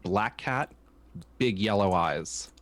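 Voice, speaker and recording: Low, lively-voiced male game master. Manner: measured descriptive narration with many fillers. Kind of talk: narrating a tabletop game.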